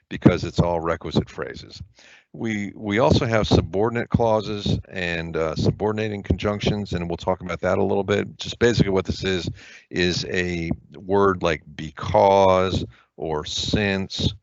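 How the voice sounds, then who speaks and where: A man's voice: low-pitched, dry recording. A man teaching an online test-prep lesson, explaining grammar casually and often checking in with the listener. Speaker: SAT prep tutor. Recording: dull lo-fi webinar audio.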